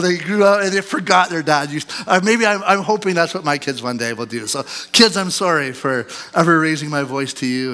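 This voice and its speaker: A man's voice: on the high side, pushed and bright. A man in his thirties, a pastor preaching a sermon in a conversational storytelling way, often asking the congregation questions.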